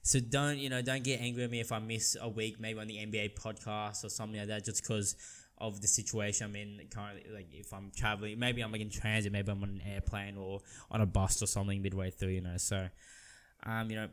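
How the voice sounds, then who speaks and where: A young man from Australia hosting a solo sports podcast, talking in an animated, heated way with many restarts. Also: lowish voice, fairly quick. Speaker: podcast host.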